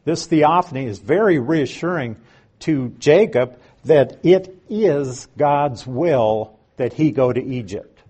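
A man giving a Bible lesson in an unhurried, explanatory way, reading scripture aloud and stressing key words, with a few dry asides. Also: mid-range voice, expressive, darkish tone, slightly rough. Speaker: Bible teacher. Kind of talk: Bible teaching.

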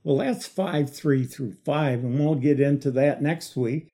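A man leading a Bible study lesson, explaining verses in a deliberate way and stressing key words. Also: medium pitch, warm tone.

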